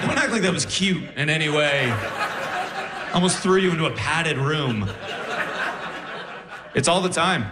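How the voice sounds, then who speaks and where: A young man doing a stand-up set, animated and laughing through his punchlines. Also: fairly high pitch, roomy sound. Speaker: stand-up comedian. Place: comedy stage.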